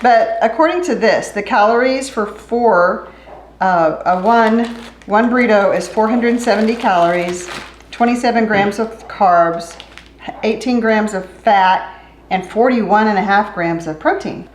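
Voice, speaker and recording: A woman's voice: medium pitch, a little slow, reverberant, a little hiss or hum, low-quality recording. Chatty woman co-hosting a cooking video. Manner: chatty, jokes with mock accents. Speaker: cooking show co-host. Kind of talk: casual cooking chat. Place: home kitchen.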